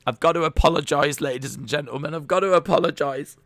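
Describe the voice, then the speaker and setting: A man imitating an emotional male radio presenter who is choked up, loud and raised with halting repeats. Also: fairly high pitch, no room sound, studio quality, pitched above the performer's own voice. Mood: tearful.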